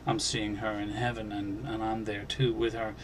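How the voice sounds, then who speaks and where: A man hosting a Christian channel, earnestly recounting a dream as personal testimony, halting and restarting, and growing emphatic on key points. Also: on the low side, flat delivery, background noise. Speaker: Christian video channel host.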